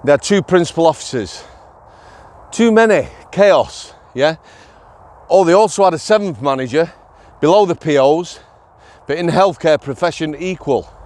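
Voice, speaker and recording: Middle-aged Yorkshire man, slightly high voice, casual vlog storyteller, blunt and chatty. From Yorkshire, England. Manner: chatty, blunt, tag questions like "yeah?". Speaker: former prison officer vlogger.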